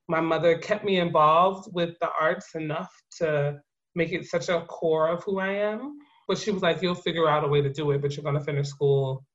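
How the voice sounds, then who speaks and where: A woman in her thirties from New Jersey, a guest in an interview, telling her story in a lively way with laughs and acted-out quotes. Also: low voice. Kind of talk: conversational interview. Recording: muffled lo-fi audio.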